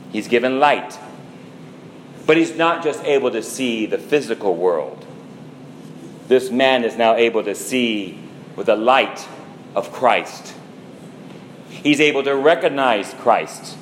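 A man preaching a sermon as a priest, slow and deliberate, building emphasis through rhetorical questions. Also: mid-range voice, a little hiss or hum. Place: church. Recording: echoey church with long reverb.

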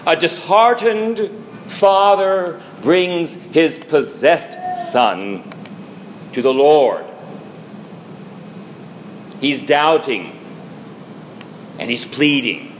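Slow, measured male preacher. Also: on the high side, animated, slight background noise, low-quality recording. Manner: slow, measured preaching with dramatic quoted lines. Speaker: priest. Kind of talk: sermon.

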